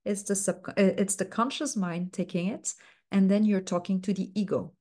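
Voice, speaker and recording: A woman mentor teaching a coaching technique, speaking slowly and softly with frequent fillers. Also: mid-range voice, fairly even intonation. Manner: slow, soft-spoken, uses many fillers.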